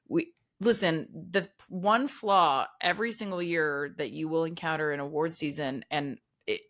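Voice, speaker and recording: A woman holds forth as a podcast co-host, with a slightly low voice. She talks in a chatty, animated way, and her asides to listeners keep it casual. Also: normal speed. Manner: chatty, animated, says "y'all". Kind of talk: casual chat.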